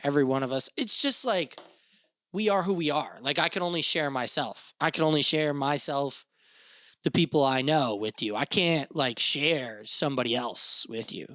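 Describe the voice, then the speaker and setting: A man's voice: fairly high pitch, normal speed, sharp tone, dry recording. A young man hosting a solo podcast, rambling casually with lots of fillers and swearing. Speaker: podcast host.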